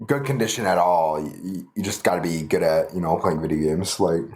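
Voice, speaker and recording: A man with a very low voice, chatting casually as a podcast co-host. He sounds laid-back and hesitant, keeping his answers short. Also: fairly quick, a crowd in the background. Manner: laid-back, brief replies and backchannels. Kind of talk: casual chat.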